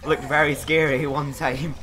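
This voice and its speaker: A man's voice: a little high, flat delivery, moderate pace, a bit bright, rough recording. A man chatting casually while playing a game for a Let's Play, laughing often and dropping quotes. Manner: giggly, quotes lines in put-on voices. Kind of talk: casual gaming chat. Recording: game music underneath. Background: game music.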